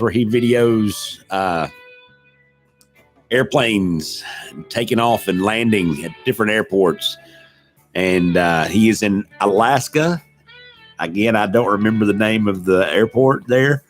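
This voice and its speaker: A man's voice: lowish voice, unhurried, soft background music. A middle-aged man, hosting a casual live stream, rambling and self-deprecating as he greets viewers in the chat. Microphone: desk microphone.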